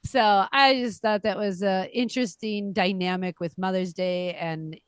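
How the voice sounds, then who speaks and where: Woman, middle-aged, casual podcast chat, animated storyteller, dry close sound. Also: mid-range voice, moderate pace, clean tone, dry recording. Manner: animated storytelling, acts out quoted voices. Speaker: podcast co-host.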